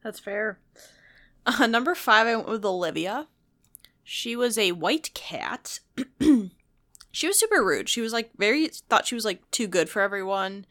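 A woman's voice: mid-range voice, animated, measured pace, a bit bright. A woman co-hosting a casual chat, blunt and opinionated, often laughing.

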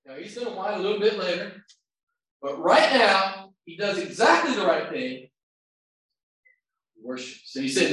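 A male pastor preaching a sermon, shifting between quiet reflection and loud shouts, recorded far from the mic in a large church hall. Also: fairly high pitch, lively intonation, moderate pace. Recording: very echoey hall, distant mic.

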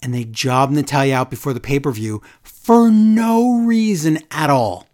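A woman co-hosting a casual wrestling recap podcast, animated and incredulous. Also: sits low. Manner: animated, incredulous, does quick impressions. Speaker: podcast co-host.

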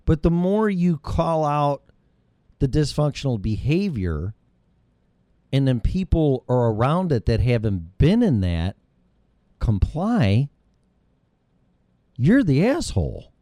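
A man's voice: mid-range voice, very animated, slow, long pauses, warm tone, dry recording. A middle-aged man hosting his own show, delivering a heated, rambling monologue full of profanity. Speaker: show host. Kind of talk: ranting monologue.

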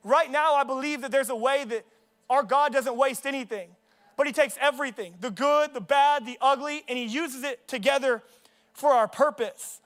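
A young male pastor with a strikingly high voice preaches in a loose, conversational way. He jokes with the congregation and moves from personal stories into the sermon's message. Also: normal speed, a bit bright. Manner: casual, joking, conversational. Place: church service.

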